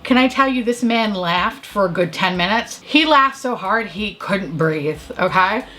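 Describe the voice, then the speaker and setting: A woman's voice: medium pitch, unhurried. Chatty woman telling a self-mocking story. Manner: animated, self-mocking storyteller, frequent laughter. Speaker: beauty vlogger. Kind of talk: chatty get-ready-with-me storytelling.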